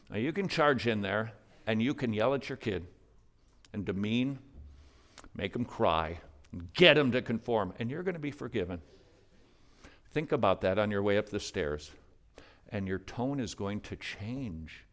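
Man preaching, loud then hushed. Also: mid-range voice, lively intonation, unhurried. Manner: dynamic preaching, swings from loud emphatic to hushed. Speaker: pastor. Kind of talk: sermon.

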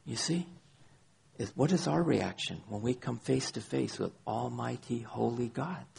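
Gravelly-voiced male pastor preaching. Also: mid-range voice, a little slow, a little mellow. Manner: repeats phrases for emphasis; cites scripture chapter and verse. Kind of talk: sermon.

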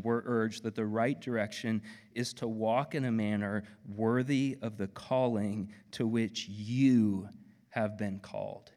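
A man with an Oklahoma accent preaching a sermon as pastor, conversational and animated, with playful asides. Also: lowish voice. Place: church auditorium. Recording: long hall reverb.

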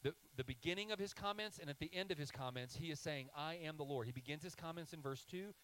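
A man preaching a sermon, reading scripture aloud and then teaching in points, slowing down to stress key phrases. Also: fairly high pitch, a bit bright, a little hiss or hum, poor audio. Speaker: pastor.

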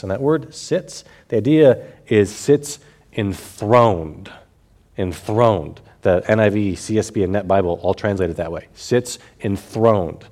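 A man with a fairly low voice teaching a Bible passage verse by verse. He explains each point carefully and repeats key phrases so they stick. When he reads scripture, he slows down and speaks deliberately. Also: warm tone.

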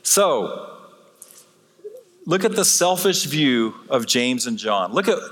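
A man's voice: mid-range voice, takes it slowly. Man preaching in a reverberant church. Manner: animated, acts out quoted voices. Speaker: guest preacher. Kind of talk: sermon. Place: church sanctuary.

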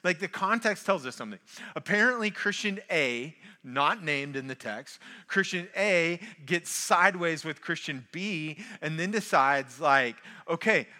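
A man with a fairly high, bright and forceful voice delivers a sermon. He keeps the tone conversational, leans hard on key phrases and fills gaps with "like." It sounds like a pastor talking straight to his congregation. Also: lively intonation, measured pace. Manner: conversational, emphatic, frequent "like" fillers.

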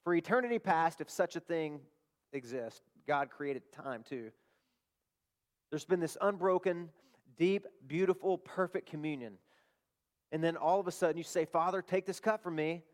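A man preaching a sermon as pastor, his voice rising on bold declarations and dropping soft and low for prayer. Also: moderate pace, pauses often. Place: church service.

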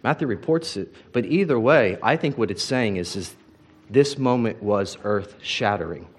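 A man's voice: lowish voice, animated, moderate pace. A man, a pastor, preaching a sermon in a conversational way, often turning to ask his congregation questions.

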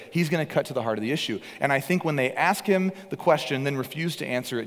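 A man preaching a sermon with earnest emphasis, his voice swinging between loud and hushed. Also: mid-range voice, long reverb tail. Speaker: pastor.

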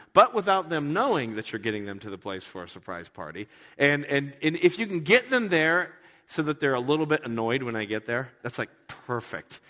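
A man preaching a sermon in an animated, joking way, often repeating words. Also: mid-range voice, big-room sound. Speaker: pastor.

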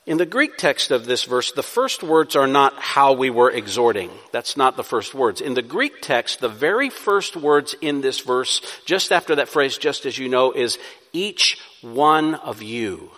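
A man's voice: mid-range voice, sing-song, unhurried, a bit bright. A man preaching a sermon, building to emphatic peaks and then easing back into a conversational tone. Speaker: pastor. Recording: long reverb of a hall.

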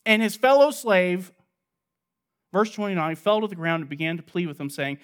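A man preaches an expository sermon, posing rhetorical questions and then answering them himself. He shifts between loud emphasis and quiet, low asides, sounding expressive and unhurried.

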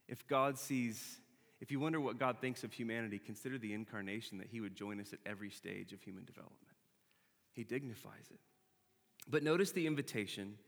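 A man preaching a sermon in a church, talking casually and repeating key phrases slowly for emphasis. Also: mid-range voice, a bit bright, big-room sound. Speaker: pastor. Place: church sanctuary.

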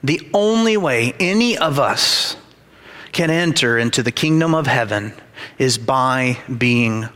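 A man's voice: medium pitch, a bit bright. Emphatic male pastor preaching in a hall. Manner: emphatic, repeats phrases, dramatizes quotes. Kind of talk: sermon. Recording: reverberant hall.

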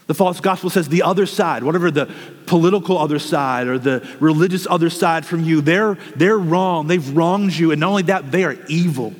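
A man's voice: a little high, a little fast, big-room sound. A man preaching a sermon as a pastor, earnest and urgent, telling vivid stories.

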